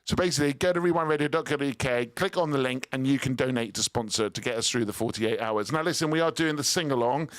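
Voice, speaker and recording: A man's voice: medium pitch, quick pace, few pauses, no echo. Man, radio host, teasing, upbeat, studio, dry. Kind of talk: live radio chat.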